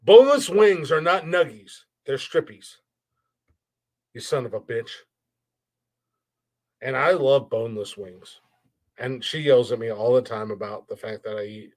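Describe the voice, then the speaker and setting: Pausing often and keeping a measured pace, the US comedy podcast host talks casually, teasing and mocking himself. His voice is mid-range.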